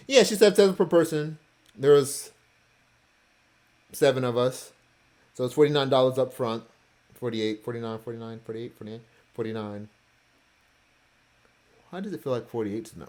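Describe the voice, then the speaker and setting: A man's voice: medium pitch, darkish tone, slight background noise. A man casually talking through his vacation photos, rambling with offhand, self-joking asides. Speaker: vlogger going through his cruise photos.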